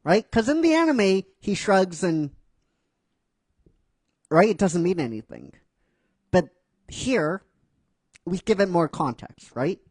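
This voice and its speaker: A man's voice: sits high, sing-song, slow, pauses often, a little mellow, no echo. A man casually narrating his own script, rambling and hesitant, with fillers and self-corrections. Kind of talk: casual storytelling.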